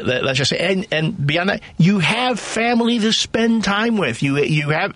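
A male co-host, making earnest points in a halting way full of fillers. His voice is gravelly, and the sound is close and dry. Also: medium pitch, fairly bright tone, dry recording. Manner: earnest, opinionated, hesitant fillers. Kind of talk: casual talk radio chat.

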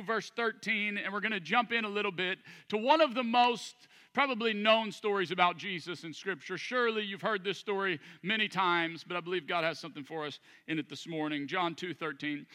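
Bright, high-voiced preaching man. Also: big-room sound. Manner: animated, jokey preaching with prayer and scripture reading. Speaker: pastor. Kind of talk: sermon. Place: church room before a congregation.

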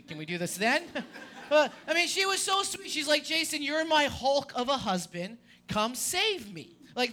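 A male pastor preaching to a church congregation with a high, very bright voice. His delivery is animated, rising to near-shouts and then dropping to hushed, quiet stretches. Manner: animated, swings between loud and hushed. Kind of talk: sermon.

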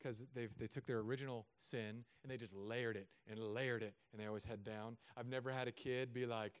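A man preaching a sermon as a pastor, telling stories with self-mocking humor and often dropping to soft, quiet tones. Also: medium pitch, fairly even intonation, brisk, smooth.

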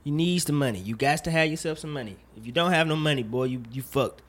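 A man hosting a casual podcast, talking in an animated, jokey way with plenty of profanity and rambling asides. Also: on the high side, quick pace. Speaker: podcast host. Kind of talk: casual chat.

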